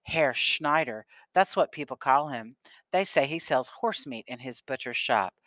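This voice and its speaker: A man's voice: mid-range voice, expressive, measured pace, pushed and bright, no echo. A man voicing a sneering schoolgirl bully. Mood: taunting. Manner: taunting, sneering. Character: mean bossy schoolgirl bully.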